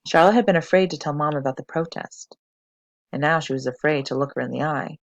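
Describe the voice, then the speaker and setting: A teacher reading a novel aloud for a fifth-grade class, steady and expressive. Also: mid-range voice, brisk, vocal fry, no echo.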